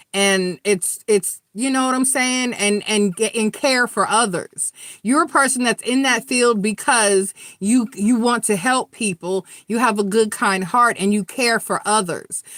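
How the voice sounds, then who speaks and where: A middle-aged woman, a tarot reader, does a live reading, speaking frankly and earnestly to viewers and cursing freely. Her voice runs fairly high with a bright tone, captured in clean studio sound with no room reverb.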